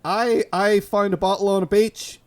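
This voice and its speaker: A man with a Belfast accent, co-hosting and riffing through a comic podcast bit. His voice sits a little high for a man, and he rambles, trips over restarts and keeps breaking into giggles. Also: fairly even intonation, moderate pace. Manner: rambling, self-interrupting, giggly. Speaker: podcast co-host. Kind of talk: comedic improvised sketch chat.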